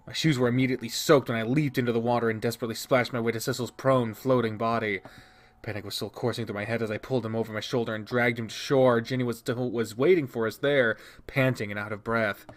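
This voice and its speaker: A man reading a visual novel aloud, narrating expressively with quick restarts. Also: mid-range voice. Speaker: game reader.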